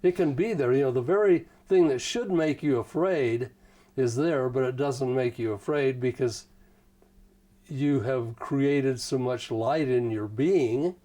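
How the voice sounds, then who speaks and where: Unhurried and dark-toned, this man's medium-pitched voice carries his casual stories as an interview guest. His delivery is folksy and meandering, leaning heavily on "you know."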